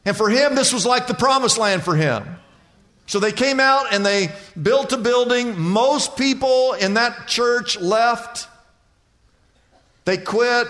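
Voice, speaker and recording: A man preaching a sermon as pastor, telling a story with lively delivery and acting out the people he quotes. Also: extremely high pitch, takes it slowly, in a large hall. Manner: animated storytelling, voicing other people in anecdotes.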